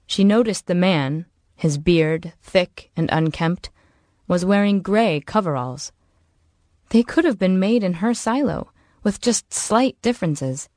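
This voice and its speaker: In clean, dry studio sound, a fairly low-pitched female narrator reads a novel for an audiobook. Her scripted storytelling stays steady and measured.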